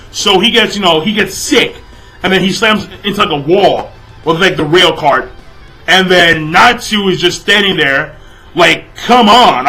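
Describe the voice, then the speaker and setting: Sounding pushed and bright, a young man with a high-sitting voice reviews a manga chapter in a casual, fed-up rant. Profanity and filler words pepper everything he says, and the recording is low quality.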